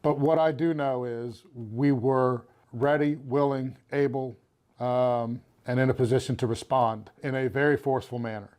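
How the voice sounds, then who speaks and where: A man's voice: medium pitch, fairly even intonation, moderate pace, a little mellow. A man, a city official, answering interview questions in a hesitant way with restarts.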